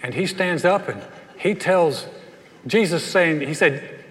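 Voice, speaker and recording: A North Carolina pastor preaches a sermon in a folksy storytelling style, acting out the voices of the people in his tales. His fairly high voice is expressive, slow, and fairly bright, with the long reverb of a large hall.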